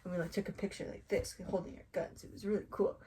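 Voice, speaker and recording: A young woman telling stories casually, excitable and gushing, with squeals when she gets excited. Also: slight background noise. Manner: excitable, quick swings into high squeals; gushing, heavy use of "like". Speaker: vlogger. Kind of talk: casual storytelling.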